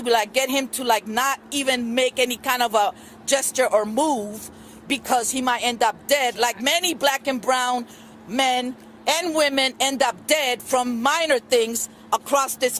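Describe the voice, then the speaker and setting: A middle-aged woman speaks at an outdoor press conference, her voice high and earnest. She rambles through her account with many ums and restarts. Faint street and traffic noise sits behind the news camera recording. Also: a bit bright.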